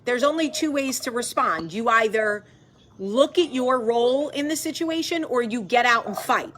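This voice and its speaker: A woman's voice: fairly high pitch, animated, normal speed, fairly bright tone. A woman from the hosting a casual live video chat with viewers, effusive and chatty. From American South. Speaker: host.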